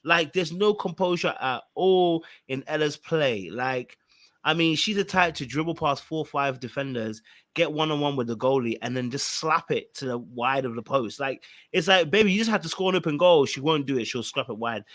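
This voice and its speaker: A man, co-hosting a podcast and giving animated, emphatic reality-TV commentary, repeating phrases for effect. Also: a little high, normal speed, dry recording. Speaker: podcast co-host.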